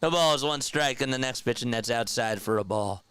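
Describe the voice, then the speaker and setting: A young man streams his own play-by-play of a baseball game and chats with viewers between pitches. His voice is smooth and clear. It sits at a middle pitch and jumps up when he gets excited. The sound is dry and close. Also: moderate pace, no room sound. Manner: chatty, answers live chat between pitch calls. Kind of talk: casual live play-by-play and chat with viewers.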